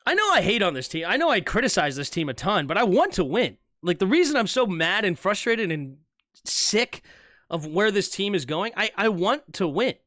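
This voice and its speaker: A young man with a high-pitched voice streams live fan play-by-play of an American football game, calling every snap and chatting with his viewers. He's animated, switching quickly between plays and chat. The audio is clean studio sound with no room sound.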